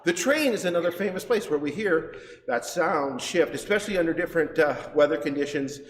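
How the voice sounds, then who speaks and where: A man's voice: a little high, lively intonation, a little fast. A man teaching a livestreamed science demo in a chatty, rambling way, correcting himself and laughing often. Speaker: science center educator. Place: science center exhibit hall. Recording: echoey hall with faint noise.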